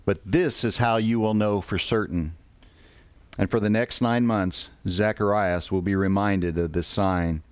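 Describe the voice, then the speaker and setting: A man preaching a sermon, reading scripture slowly and deliberately with pauses. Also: on the low side, fairly even intonation, smooth, no room sound.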